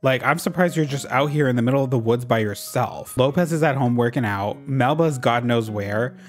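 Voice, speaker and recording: A man's voice: mid-range voice, normal speed, faint music behind. A sassy young man giving casual, profane commentary while playing a life-sim game. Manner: sassy, profane, reads villager lines aloud. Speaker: gaming vlogger.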